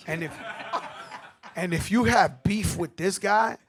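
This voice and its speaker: A middle-aged man with a New York accent, telling animated stories at a tribute panel, acting out quotes and swearing freely. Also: high voice, slow, slight background noise. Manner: animated street storytelling, acts out quotes, swears. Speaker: host.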